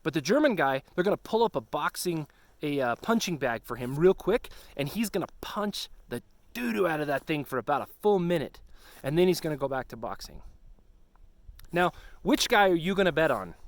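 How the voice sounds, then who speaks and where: A middle-aged man gives an earnest, preacherly pep talk to pastors, full of direct questions. His fairly high voice swings widely in pitch. The sound is dry and close, recorded outdoors on a snowy slope. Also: big pitch swings, fairly quick, dry recording. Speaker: retreat ministry founder.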